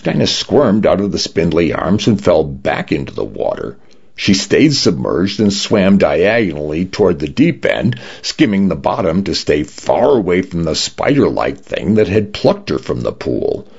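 A man reading a story aloud as an expressive audiobook narrator. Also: deep voice, measured pace, creaky, slightly rough. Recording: dull lo-fi recording.

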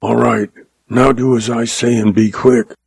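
Male reader as gravelly outlaw, hoarse croak, terse drawled orders, dark tone. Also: medium pitch, little pitch movement, unhurried, no room sound. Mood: menacing. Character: gruff Western outlaw man, threatening, sly.

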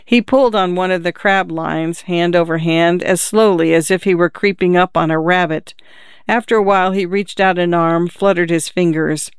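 An audiobook narrator reading a literary story in a measured, even manner. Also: medium pitch, clear, resonant tone, dry recording, clean studio sound.

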